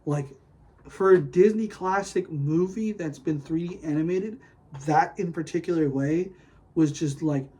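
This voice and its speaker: A man hosting a casual solo podcast, rambling excitedly with lots of "like" and "dude", gushing one moment and griping the next. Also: a little high, measured pace, low-quality recording. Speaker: podcast host.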